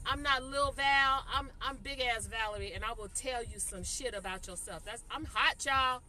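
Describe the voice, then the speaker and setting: A woman's voice: a little high, normal speed, bright, forceful tone. A woman in her fifties ranting on a live stream from her car, heated and emphatic, who keeps asking "okay?". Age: 50s. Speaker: livestreamer.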